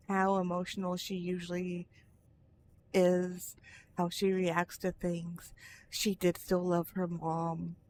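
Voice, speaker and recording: Slow, low-voiced woman vlogging candidly. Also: darkish tone, slight background noise. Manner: frank, rambling with restarts and tangents. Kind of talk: candid personal vlog.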